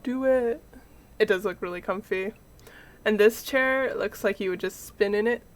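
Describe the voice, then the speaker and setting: A woman's voice: medium pitch, normal speed. A young woman streaming a game, making playful, giggly asides as she plays. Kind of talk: casual gameplay commentary.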